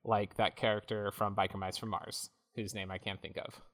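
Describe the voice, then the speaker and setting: A man's voice: lowish voice, level tone, moderate pace, fairly bright tone. Rambling, jokey podcast host man. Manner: rambling, jokey recap with acted-out quotes. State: tired, up early. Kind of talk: casual chat.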